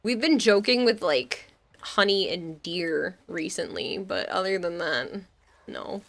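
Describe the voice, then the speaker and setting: A woman's voice: lowish voice, lively intonation, slow pace. A woman streamer in casual live-stream chat, rambling and laughing often while she answers chat. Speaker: game streamer.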